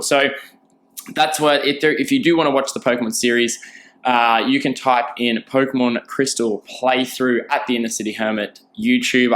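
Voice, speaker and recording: A man's voice: medium pitch, a bit bright. A young man hosting a casual solo podcast, chatty and rambling, with lots of fillers and restarts. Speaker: podcast host.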